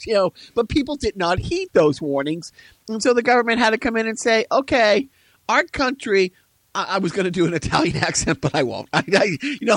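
A man co-hosting a podcast, talking in a rambling, animated way with asides. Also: a little high, no echo. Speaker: podcast co-host. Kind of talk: casual podcast chat.

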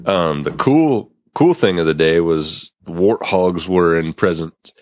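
A man co-hosting a casual chat, telling stories in a relaxed way and laughing often. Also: low-pitched, unhurried, no echo, studio quality. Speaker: podcast co-host.

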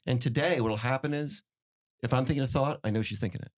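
A middle-aged man co-hosting a podcast, telling stories in an animated way and repeating phrases for emphasis. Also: mid-range voice, fast talker. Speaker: podcast co-host. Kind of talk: casual podcast chat.

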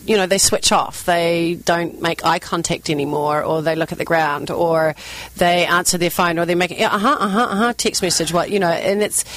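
A woman's voice: on the low side, fairly even intonation, normal speed. A woman with a New Zealand accent speaks as a radio talk show guest. She talks in an earnest, intense way. Her voice sounds dry and close, with no room echo. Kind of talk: radio interview.

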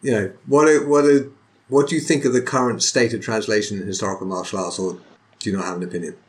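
A man hosting a conversational interview podcast, talking in a blunt, animated way. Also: lowish voice, quick pace. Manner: animated, blunt, lively storyteller. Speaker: podcast host.

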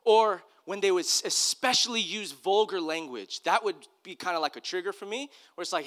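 Bright-voiced man preaching conversationally. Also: high-pitched, brisk, few pauses. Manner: personal, earnest, loose with restarts. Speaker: pastor. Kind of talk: conversational sermon storytelling.

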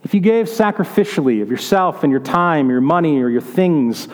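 High-voiced pastor preaching in an echoey hall. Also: male voice, expressive, normal speed, a little mellow. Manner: conversational, storytelling, asks questions. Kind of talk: sermon. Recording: reverberant hall.

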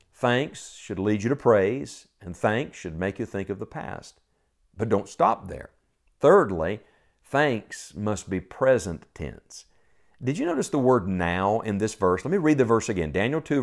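A middle-aged man preaching a sermon, earnest and pleading, full of rhetorical questions. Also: lowish voice.

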